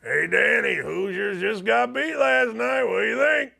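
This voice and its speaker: A man's voice: high voice, a little slow, creaky, sharp tone, heavily acted. A man doing a nosy, chatty party uncle. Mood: prying. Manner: folksy, prying small talk.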